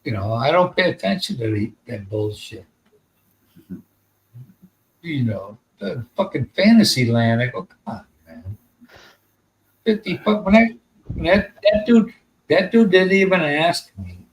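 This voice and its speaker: A man's voice: fairly high pitch, very animated, measured pace, pauses often, low-quality recording. Profane, rambling American man. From United States. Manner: rambling, profane, laid-back. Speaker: podcast host. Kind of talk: casual storytelling chat.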